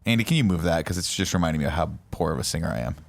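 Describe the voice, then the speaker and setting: A man co-hosting a casual chat show, teasing the guest in a quick, sarcastic way. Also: sits low, lively intonation, creaky. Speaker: co-host.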